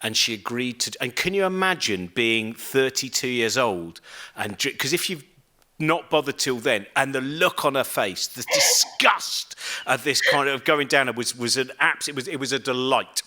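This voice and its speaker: A man telling hesitant, animated anecdotes in casual chat over a video call and acting out the people in them. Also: medium pitch, normal speed. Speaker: scientist guest.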